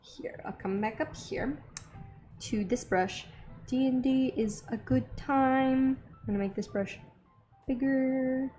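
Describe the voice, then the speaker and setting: A young woman hosting an art channel, chatting casually and excitedly while she draws, rambling with lots of little gasps. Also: sits high, takes it slowly, faint music behind. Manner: bubbly, easily excited, rambling. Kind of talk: casual chat while drawing.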